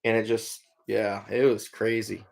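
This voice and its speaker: A gravelly, darkish, fairly low voice comes from a middle-aged trapper and hunter in Iowa hosting a casual livestream. He speaks at a measured pace in a level tone, rambling easily through viewer comments with lots of fillers.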